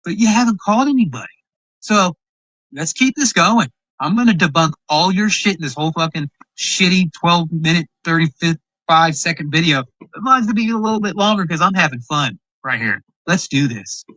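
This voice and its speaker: A man's voice: a little high, expressive, normal speed, sharp tone, no echo, low-quality recording. A man giving heated reaction commentary on a rival's video, boastful and full of profane trash talk.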